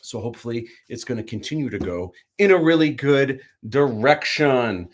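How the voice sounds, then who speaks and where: A man hosting a livestream, chatting casually, rambling through animated opinions full of fillers and restarts. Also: medium pitch, moderate pace. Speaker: livestream host. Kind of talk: casual chat.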